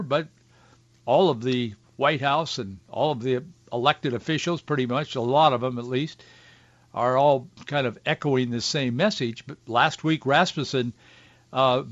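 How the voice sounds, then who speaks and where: A man's voice: mid-range voice, no room sound. Guy hosting a talk show, opinionated monologue, dry dull sound. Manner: opinionated, with wry asides and restarts. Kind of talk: political commentary monologue.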